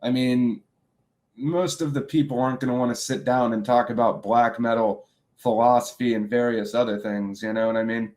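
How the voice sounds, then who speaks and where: This is a young man from co-hosting a podcast, telling his stories with a deadpan, dry delivery. His pitch stays in an ordinary middle range. He talks in a relaxed, easy way. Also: normal speed. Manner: deadpan storyteller, offbeat humor. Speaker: podcast co-host. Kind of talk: casual chat.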